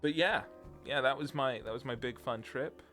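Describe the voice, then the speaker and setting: A man's voice: mid-range voice, moderate pace, fairly bright tone, faint music behind. A young British man, a streamer, rambling through a casual chat and laughing often. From Britain.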